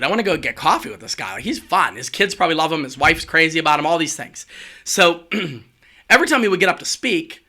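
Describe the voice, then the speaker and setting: A man coaching on public speaking in an energetic, conversational way, with quick asides and restarts. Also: a little high. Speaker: executive communication coach. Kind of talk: casual spoken coaching talk.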